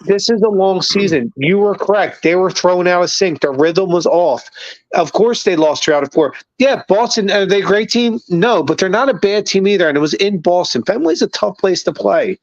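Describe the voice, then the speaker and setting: Profane, animated man on a dull line. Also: high-pitched, moderate pace, dry recording. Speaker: co-host. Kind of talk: casual podcast chat over beers. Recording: dull lo-fi dry sound.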